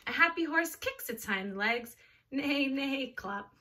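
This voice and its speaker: Bright, high woman leading kids' yoga. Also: expressive, a little slow. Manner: encouraging, simple words for children. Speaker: yoga teacher for children. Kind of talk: reading a picture book and leading kids' yoga. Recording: distant mic, faint background noise.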